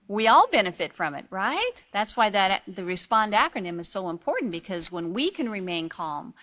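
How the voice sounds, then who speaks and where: A woman's voice: medium pitch, fairly bright tone. A woman leads a training course on raising children, speaking earnestly and patiently. She keeps asking her listeners questions to pull them along. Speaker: character education trainer.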